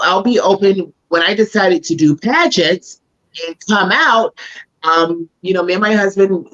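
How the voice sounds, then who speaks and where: Heartfelt trans woman, muffled line. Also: low-pitched. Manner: heartfelt, faith-filled storytelling. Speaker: podcast guest, pageant titleholder. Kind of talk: casual podcast conversation.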